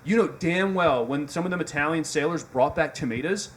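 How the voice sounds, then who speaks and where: Young midwest dude ranting fast on a podcast, cussing a lot, faint noise in the back. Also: male voice, fairly high pitch. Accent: Midwestern American. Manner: fast, swearing, laughing, emphatic. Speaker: podcast host. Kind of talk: casual podcast rant.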